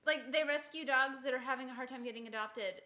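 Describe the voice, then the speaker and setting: A woman's voice: high voice, a little fast, crowd noise. A woman musician guest chatting in an interview, bubbly and laughing as she runs on with "like". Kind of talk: casual interview chat.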